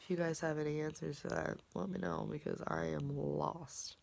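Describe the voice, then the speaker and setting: Young woman vlogger, low gravelly voice, rambling chatty delivery. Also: level tone, moderate pace. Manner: rambling, filler-heavy, drops into soft whispers. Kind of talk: casual personal vlog.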